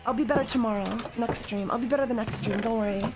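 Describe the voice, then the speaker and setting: A woman's voice: fairly high pitch, fast, music in the background. Profane, jokey woman streamer. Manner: jokey and profane, bursts into loud mock rants. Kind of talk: casual live-stream chat while playing a game.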